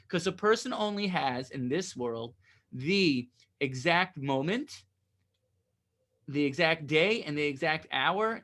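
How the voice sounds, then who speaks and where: A man's voice: fairly high pitch, a bit bright. A man teaching a Torah lesson, reading Hebrew phrases and explaining them in casual English, often checking in with "right?".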